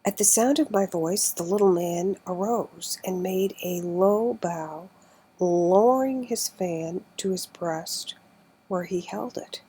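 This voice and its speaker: Woman reading an audiobook, real slow, breathy husky voice, kinda low, goes almost whispery. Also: mellow, poor audio. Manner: slow, careful reading, often drops to near whisper. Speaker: narrator.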